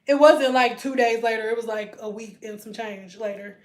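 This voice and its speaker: A hairstylist from telling a storytime vlog, animated and slangy, often slipping into other people's voices. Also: female voice, a little high, moderate pace, roomy sound. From Detroit.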